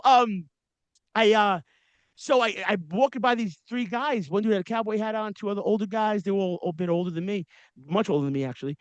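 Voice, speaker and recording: High-voiced man, slangy podcast host. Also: darkish tone, no echo, dull audio. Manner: storytelling with frequent slang and asides. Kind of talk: casual interview chat.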